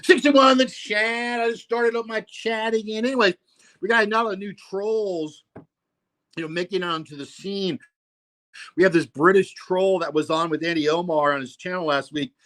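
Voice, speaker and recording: A man's voice: sits high, fairly even intonation, normal speed, a bit bright. A man hosting a casual livestream, rambling and profane, full of "you know, man.". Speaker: livestream host.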